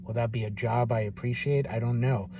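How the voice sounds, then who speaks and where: A man's voice: mid-range voice, fairly even intonation, a little fast, noisy background. A middle-aged man recording a personal video diary, speaking in a downcast, self-deprecating, musing way. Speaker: vlogger.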